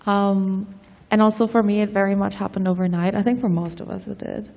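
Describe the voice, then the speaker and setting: Gravelly young woman, thoughtful. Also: mid-range voice, steady tone, a little fast, a little mellow, in a large hall. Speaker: panelist. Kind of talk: panel talk. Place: convention stage.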